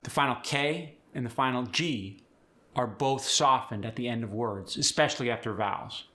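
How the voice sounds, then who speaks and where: A man coaching pronunciation in a clear, upbeat, instructive manner. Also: medium pitch, normal speed, pushed and bright. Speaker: accent coach. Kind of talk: pronunciation tutorial.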